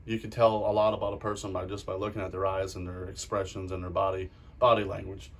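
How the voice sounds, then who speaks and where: A man's voice: sits low, flat delivery, fast. A man who investigates the paranormal, talking bluntly and earnestly in an interview and often repeating himself.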